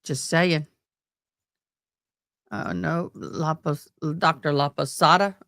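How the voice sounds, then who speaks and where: A woman's voice: low-pitched, takes it slowly, fairly bright tone, dry recording, clean studio sound. A woman hosting a live stream, chatting casually with viewers and joking between court proceedings. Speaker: livestream host commenting on a trial.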